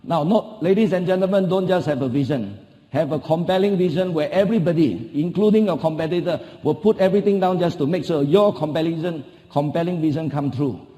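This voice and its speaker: High-voiced Singaporean man, keynote speaker. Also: a little fast, dark tone. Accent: Singaporean English. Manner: emphatic, repeats key phrases, asks the audience rhetorical questions. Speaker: motivational speaker. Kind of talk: motivational keynote speech. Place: large conference hall. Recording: long hall reverb.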